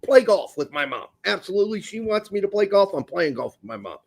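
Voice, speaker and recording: A man hosting a podcast, telling a story in a casual, animated and profane way. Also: fast, creaky. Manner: animated, profane, jumps into high voices. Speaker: podcast host.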